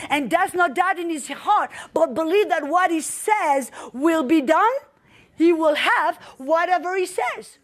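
Woman preacher, super high voice, fired up, keeps saying amen and building to shouts. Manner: fervent, builds to shouting exclamations; frequent "amen" and call-and-response. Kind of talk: sermon.

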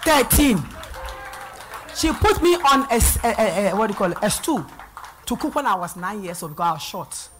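A middle-aged woman pastor from Ghana with a Ghanaian accent, preaching a sermon in church and swinging between loud and soft. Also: mid-range voice, expressive, normal speed, noisy background.

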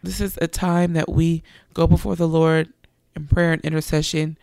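A woman's voice: low-pitched, little pitch movement, moderate pace, creaky, mellow, no echo, studio quality. A young woman preacher, giving an earnest sermon testimony and animatedly quoting others.

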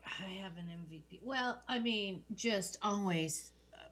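A woman co-hosting a casual chat about a film, measured and thoughtful in how she talks. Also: medium pitch, fairly bright tone. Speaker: podcast co-host.

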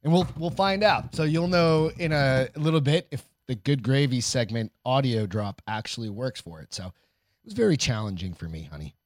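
A man's voice: mid-range voice, expressive, moderate pace, dry recording, studio quality. A man co-hosting a live talk stream, laid-back and jokey, swearing often. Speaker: podcast co-host. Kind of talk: casual live-stream chat.

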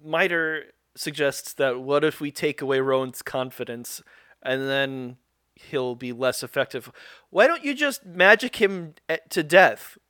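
A man's voice: a little high, expressive, a little slow, pushed and bright, dry recording. Chatty man recapping with a dry close mic. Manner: rambling, self-interrupting, laughs often. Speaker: podcast co-host recapping a show. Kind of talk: casual chat.

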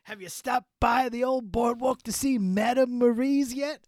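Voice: medium pitch, measured pace, a little mellow, no room sound, clean studio sound, pitched above the performer's own voice, natural voice. A podcaster doing a folksy rock star. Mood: chummy. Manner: chummy, rambling, bursts into yelps and song scraps. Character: impression of a famous male rock singer, folksy and boastful.

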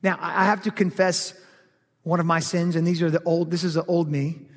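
A male pastor preaching a sermon, telling a personal story with lively, animated delivery that turns heated and loud in places. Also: on the high side, a little fast, big-room sound.

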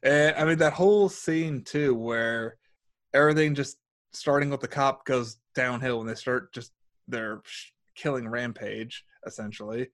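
A man's voice: mid-range voice, measured pace, a bit bright. A man co-hosting a casual film review chat, reflective and a bit hesitant, often repeating words. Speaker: podcast co-host.

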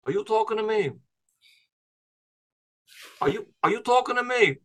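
A man doing a self-admittedly bad impression of a gruff New York movie tough guy, played for laughs in a podcast segment. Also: sits high, expressive, normal speed, fairly bright tone. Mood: menacing.

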